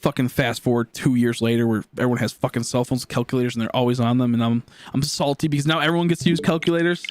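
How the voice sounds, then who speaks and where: A man's voice: medium pitch, steady tone, fast. A young man chatting casually on a live stream, rambling and swearing as he talks through his life. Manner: rambling, restarts often, swears when worked up.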